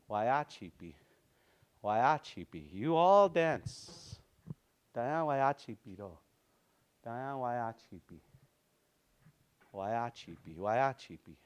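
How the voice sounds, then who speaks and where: A man teaching a language class, patiently repeating words for his students. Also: medium pitch.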